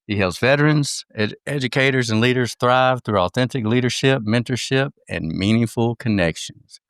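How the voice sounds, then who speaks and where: A man's voice: mid-range voice, moderate pace, clean tone, no echo, studio quality. A man with a slight Southern American accent, hosting a podcast with an upbeat manner. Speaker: podcast host. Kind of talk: podcast introduction and chat.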